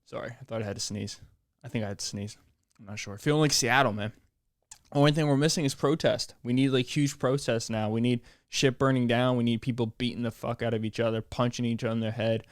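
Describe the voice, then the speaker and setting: A young man hosting a solo podcast, rambling in deadpan sarcasm and laughing at his own jokes. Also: medium pitch, fast talker, no room sound, clean studio sound. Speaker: podcast host.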